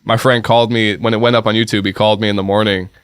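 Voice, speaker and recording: A young man chatting on a podcast, telling rambling, animated stories in a loose, casual way. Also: on the low side, racing, clear, resonant tone, no echo, clean studio sound.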